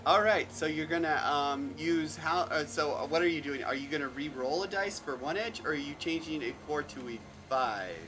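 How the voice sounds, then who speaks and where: A man's voice: fairly high pitch, moderate pace, hardly any pauses, background noise. A man running a tabletop game as game master, stammering and repeating words as he narrates.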